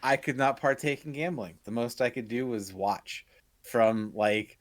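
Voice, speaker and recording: A man's voice: mid-range voice, a little slow, no echo. A young man telling a casual, profane story on a podcast, laughing through his punchlines. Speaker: podcast co-host.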